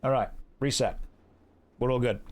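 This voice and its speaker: A man from England with a medium-pitched voice, steady tone and normal speed streams an online game. He chats casually with his audience, reads out their messages wryly and teasingly, and thanks donors warmly.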